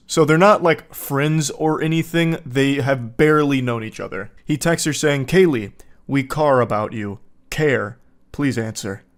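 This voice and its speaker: A man in his thirties talks through screenshots of text messages in a reaction commentary. His delivery is sarcastic and mocking, with casual swearing. His pitch sits in an ordinary middle range for a man. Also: smooth. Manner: sarcastic, swearing, mocking reads of quoted texts. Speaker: commentary host. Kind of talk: reaction commentary reading texts aloud.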